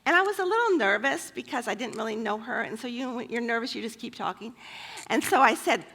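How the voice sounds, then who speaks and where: A woman's voice: fairly high pitch, lively intonation, brisk, creaky, bright, forceful tone. A woman telling personal stories at a church women's gathering, chatty and full of fillers. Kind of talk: personal storytelling talk.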